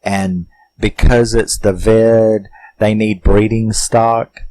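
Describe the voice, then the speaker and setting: A man with a lowish voice talks through a horror movie at an unhurried, drawn-out pace. His review is loose and rambling, peppered with curses and filler words, and he chuckles along as he goes. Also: flat delivery, warm tone, dry recording, rough recording. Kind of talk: casual film review monologue.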